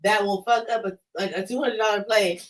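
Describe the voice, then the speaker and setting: A young man from California with a Californian accent, telling stories in a casual chat. He is animated, swears a lot and gets shouty when riled up. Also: high voice, fairly quick, recorded from a distance, background noise.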